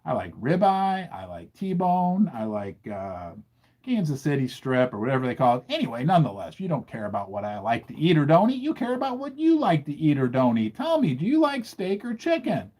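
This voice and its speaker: A man hosting a livestream, talking in an animated, indignant way and firing questions at his audience. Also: a little high, brisk. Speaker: host. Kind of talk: livestream commentary.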